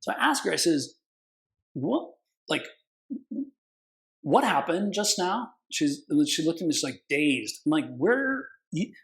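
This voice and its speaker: Animated male attorney telling stories. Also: a little high, a little slow, gravelly, rough recording. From California. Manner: animated, acts out quoted voices, swears casually. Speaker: consumer protection attorney, guest. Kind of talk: casual interview storytelling.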